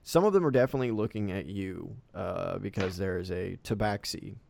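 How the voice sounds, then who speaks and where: Laid-back male game master, low voice. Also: a little fast, vocal fry, darkish tone, no room sound. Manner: casual, filler-heavy narration. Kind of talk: narrating a tabletop game.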